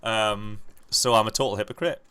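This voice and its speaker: A young man chats with friends while playing a game. His voice sits a little low but comes out bright and forceful. He swears freely and rambles through animated anecdotes. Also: moderate pace, smooth. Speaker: gamer playing with friends over voice chat. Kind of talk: casual gaming chat.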